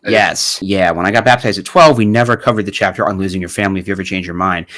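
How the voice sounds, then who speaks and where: A man in his thirties with a fairly low voice, talking through a casual commentary vlog. He is sarcastic and profane and laughs often as he talks. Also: fairly even intonation, quick pace, fairly bright tone. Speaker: channel host.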